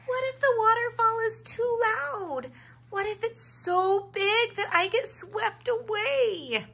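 A woman's voice: sing-song, a little slow, pushed and bright, exaggerated voice. A woman voicing a timid, worried little boy bear cub in a storybook read-aloud. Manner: timid, sniffly, high and wavering.

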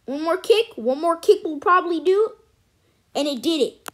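A woman giving casual, excitable let's-play commentary as host of a gaming channel, chatty and cheering at her wins. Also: extremely high pitch, moderate pace.

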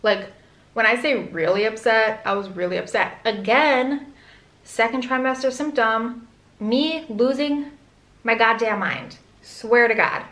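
A young pregnant woman talks candidly to camera, her speech full of "like" and quick asides. Her voice sits a little high, and the room around her has a noticeable echo. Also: fairly bright tone. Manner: chatty, lots of "like", candid and rambling. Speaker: vlogger. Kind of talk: casual pregnancy vlog. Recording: echoey room.

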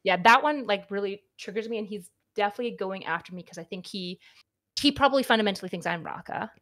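A woman's voice: medium pitch, fast, fairly bright tone, no echo, clean studio sound. A woman in her twenties talking candidly as a podcast guest, chatty and full of fillers. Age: 20s. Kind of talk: casual podcast conversation.

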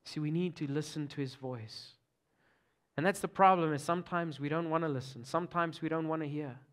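A man with an Afrikaans South African accent preaching with a fairly high voice. He swings between loud, urgent exhortation and soft, almost whispered moments. It is an emotional sermon style. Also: brisk. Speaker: pastor.

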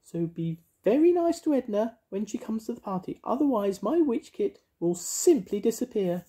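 An older man voicing a fussy, cooing fairy woman in a high falsetto for a storybook reading. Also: big pitch swings, moderate pace, warm tone. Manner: cooing, sing-song.

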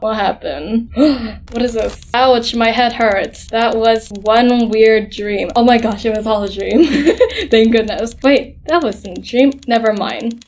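A woman hosting a gaming channel, playing and reacting to a game, excitable, squealing and laughing when scared and reading on-screen text aloud. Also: fairly high pitch, slow, a little hiss or hum. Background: faint background music.

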